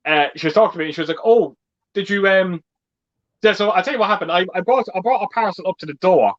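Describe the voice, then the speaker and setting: A man's voice: sits high, racing, a bit bright, lo-fi sound. A man hosting a casual group chat, telling stories with lots of swearing and laughter. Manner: swearing storyteller, laughs often. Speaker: host.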